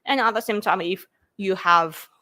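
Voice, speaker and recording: A woman's voice: medium pitch, moderate pace, sharp tone. Japanese woman, second-language English with accent, rambling casual livestream host. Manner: rambling, full of "like" and "you know". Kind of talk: casual live-stream chat.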